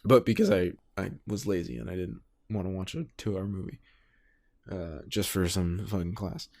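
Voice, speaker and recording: A man's voice: sits low, normal speed, darkish tone. A young man co-hosting a casual podcast, cracking wry jokes and swearing as he tells a story about a college class. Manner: wry, joking asides, profane. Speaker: podcast co-host.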